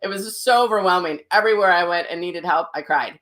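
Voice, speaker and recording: A woman's voice: on the low side, fast talker, fairly bright tone. A middle-aged woman hosting a casual livestream as a psychic medium, telling stories with lots of ums and restarts. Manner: chatty storytelling with many fillers and restarts.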